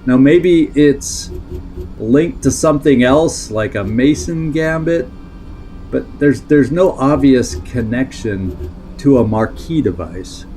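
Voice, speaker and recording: A man's voice: medium pitch, animated, slow, warm tone, a little hiss or hum. A man streaming a strategy game, thinking aloud, reading in-game text and answering chat as he plays. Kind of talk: live-stream gameplay commentary.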